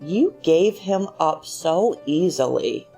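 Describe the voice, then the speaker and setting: A woman's voice: low voice, animated, slow, mellow, full character voice. A woman reading as an irritable husband, cool and needling. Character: cold, weary husband, middle-aged man. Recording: faint music underneath.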